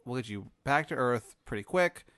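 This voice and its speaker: A man's voice: lively intonation, moderate pace, dry recording, clean studio sound, lightly acted. Man putting on Tony Italiano, a pushy, chummy alien. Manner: loud, pushy, casual pitch. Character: chummy brash male alien bandleader.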